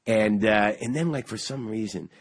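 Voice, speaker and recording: Husky man telling a heated story. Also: fairly low pitch. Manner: animated, fast storytelling with frequent restarts and swearing. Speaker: podcast host. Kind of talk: casual conversation, storytelling.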